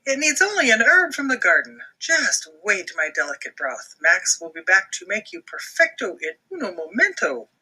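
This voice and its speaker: A woman voicing an excitable male duck chef who talks in a squeaky, sing-song way with theatrical flourishes for a storybook. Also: normal speed, hardly any pauses, breathy edge, heavily acted, poor audio. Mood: fussy, excited. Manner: theatrical, fake Italian flourishes.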